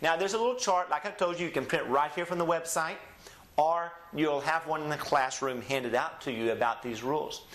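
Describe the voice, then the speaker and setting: A man leads a recorded Spanish lesson, drawing out each model word slowly and prompting the listener to repeat after him. His voice sits a little high for a man. The recording carries a noticeable roomy echo. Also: a bit bright, a little hiss or hum. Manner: slow drilled model pronunciations with call-and-repeat prompts. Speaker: Spanish teacher. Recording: echoey room.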